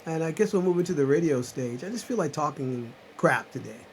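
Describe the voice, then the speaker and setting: A man's voice: fairly high pitch, animated, a little fast, slight background noise, low-quality recording. Rambling, preachy man from South Carolina. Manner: rambling, swings from loud insistence to muttered asides. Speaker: channel host on a live chat. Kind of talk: rambling preachy livestream talk. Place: at home at his computer. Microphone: computer webcam mic.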